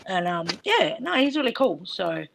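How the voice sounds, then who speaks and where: A woman's voice: mid-range voice, very animated, moderate pace, creaky, fairly bright tone, slight background noise. A woman chatting casually as a guest on a livestream, blunt, swearing often and laughing. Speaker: stream guest. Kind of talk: casual chat.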